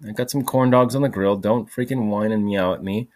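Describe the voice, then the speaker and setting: Male podcast host, low register, loose rambling delivery, swears mildly. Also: fairly even intonation, fairly quick. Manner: rambling, peppered with "freaking" and "like". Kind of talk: rambling solo monologue. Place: home recording, voice message.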